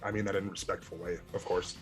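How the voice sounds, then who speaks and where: A man's voice: sits low, flat delivery, fast talker, slightly rough, soft background music, pitched below the performer's own voice. A man voicing a wary, mercenary human in a tabletop game, in his own everyday voice, with a businesslike manner. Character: mercenary human man, trying to look heroic.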